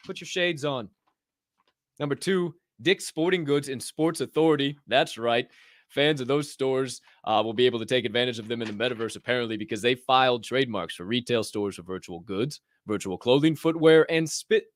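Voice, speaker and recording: A man hosting a podcast, running through news in an animated, joking way, swearing and ranting as he goes. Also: medium pitch, normal speed, dry recording, clean studio sound. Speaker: podcast host. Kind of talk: energetic news rundown.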